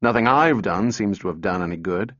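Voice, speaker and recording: A man's voice: fairly low pitch, expressive, a little fast, a bit bright, no room sound. A man voicing an anxious mother who scolds and sounds weary. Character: anxious, sharp-tongued mother. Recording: dull dry recording.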